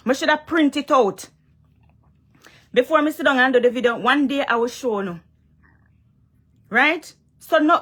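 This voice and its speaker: A woman's voice: high voice, pushed and bright. Emphatic Jamaican woman vlogging. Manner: emphatic, repeats herself, asks "you understand?". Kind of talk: casual direct-to-camera vlog rant.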